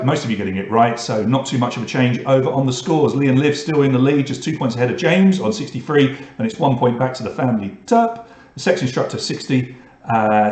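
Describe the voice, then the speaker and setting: British male quiz host, mid-pitched, easygoing and chatty, runs through questions and standings with offhand jokes; roomy echo on the mic. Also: a little mellow. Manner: chatty, reads questions and scores with asides. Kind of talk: online pub quiz hosting.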